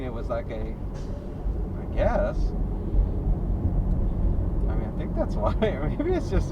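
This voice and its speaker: A fairly high-voiced American man talks his way through a delivery shift from behind the wheel, a little out of breath. His chat is loose and self-mocking, broken up by laughs. Steady car and road noise runs under his voice. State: winded, short of breath. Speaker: delivery driver vlogger. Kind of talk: casual running commentary while driving. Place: inside a car on city streets. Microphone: dash cam or phone mic in car.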